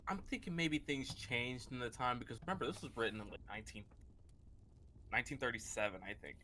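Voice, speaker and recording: A man's voice: mid-range voice, quick pace, bright, forceful tone, a little hiss or hum. A man co-hosting a book club podcast, rambling casually with plenty of filler words and frequent laughter. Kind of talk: casual chat.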